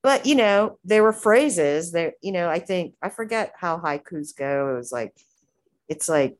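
A woman's voice: lowish voice, expressive, a little slow. A woman hosting a casual chat, rambling with many fillers and frequent laughs. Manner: rambling, full of "you know" and "like" fillers, laughing often.

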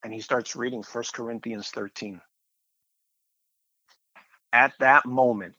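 A man's voice: mid-range voice, steady tone, takes it slowly, long pauses, sharp tone, no room sound, muffled recording. A man sharing a personal faith testimony in a conversational, rambling way, with fillers and repeated phrases.

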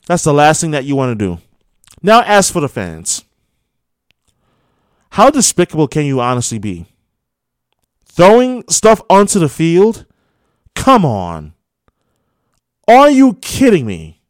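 A man's voice: a little high, sing-song, measured pace, long pauses, clean tone, dry recording, clean studio sound. Fired-up male sports radio host. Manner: fired-up, scolding rhetorical questions. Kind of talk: sports opinion monologue.

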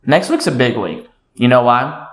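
A man's voice: mid-range voice, sing-song, moderate pace, fairly bright tone. A man co-hosting a podcast in casual chat, goofy and rambling, laughing often. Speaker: podcast co-host. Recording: echoey room.

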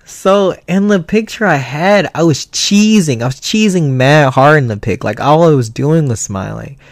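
Animated young man with a gravelly voice. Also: a little high, moderate pace, no room sound, clean studio sound. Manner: animated, profane, storytelling. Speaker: podcast host. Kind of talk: casual solo podcast.

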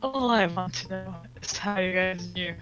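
A woman's voice: on the low side, moderate pace, music in the background. A woman playing a tabletop game, talking casually with hesitant fillers. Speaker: player. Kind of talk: tabletop role-play. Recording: dull lo-fi recording.

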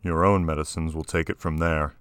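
A man voicing a gentle prisoner doctor. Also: a bass voice, level tone, fairly quick, clean tone, dry recording. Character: mild-mannered adult male prisoner doctor.

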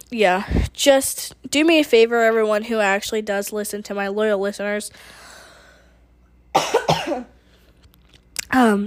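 A woman's voice: medium pitch, no room sound. A young woman talks straight to her podcast listeners in a loose, rambling way, full of ums and restarts. She sounds emotional and earnest. The recording is dry and close, with no room sound. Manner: emotional, rambling with many fillers. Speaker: podcast host. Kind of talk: casual personal update to listeners.

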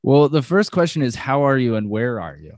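A man's voice: mid-range voice, big pitch swings, a little fast, darkish tone, no room sound. A man hosting a podcast in casual, loose banter, swearing and laughing easily. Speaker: podcast host.

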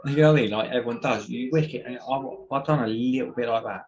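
A man's voice: mid-range voice, quick pace, darkish tone, muffled recording. A British man, a podcast guest, chatting casually and rambling from one tangent to the next with frequent chuckles. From United Kingdom. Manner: rambling, drifts between tangents, chuckles often. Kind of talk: casual chat.

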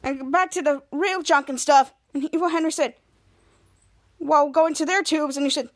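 A woman's voice: high voice, fairly even intonation, moderate pace. A woman hosting a podcast, recapping a show in a rambling, enthusiastic way, stringing events together with "and then". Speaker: podcast host.

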